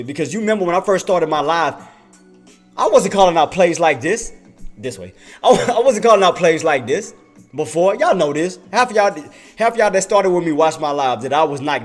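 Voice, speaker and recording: A man with a slightly high-pitched voice gives casual trading commentary to his livestream audience. He talks to them directly and leans hard on repetition, saying the same phrase again and again for emphasis. Faint music plays underneath. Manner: repetitive, emphatic, addresses viewers as y'all. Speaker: day trader and livestream host.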